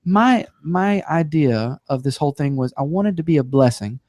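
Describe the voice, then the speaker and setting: A man's voice: a little high, animated, moderate pace, a little mellow, no echo, studio quality. A man guest on a talk show, telling a personal story with humor and playful acted-out quotes.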